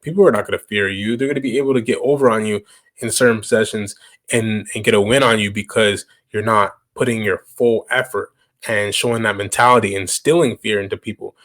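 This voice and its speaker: A man's voice: fairly low pitch, steady tone, a little fast, fairly bright tone. Emphatic young man reacting. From Canada. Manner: emphatic, repeats himself for stress. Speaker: reaction video host. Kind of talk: casual commentary.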